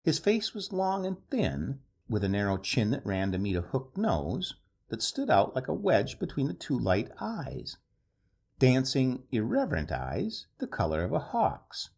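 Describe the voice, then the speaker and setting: A man narrating a story aloud in an expressive, animated reading style. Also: medium pitch, unhurried, vocal fry, breathy edge.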